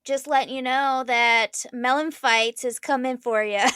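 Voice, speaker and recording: A woman's voice: sits high, fairly even intonation, a little slow, hardly any pauses, a bit bright, clear, resonant tone, no room sound. A woman co-hosting a sibling sports podcast, giggly and self-conscious in casual chat. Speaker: podcast co-host.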